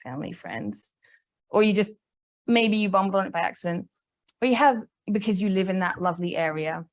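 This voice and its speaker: A woman giving a conference talk, chatty and animated, laughing often. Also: mid-range voice, a little fast. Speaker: conference presenter.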